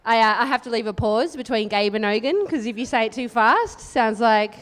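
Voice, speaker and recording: An Australian woman doing a live stand-up set, chatty and teasing the crowd, with deadpan asides. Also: fairly high pitch, fairly quick. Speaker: stand-up comedian. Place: live comedy venue. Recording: live room with long reverb.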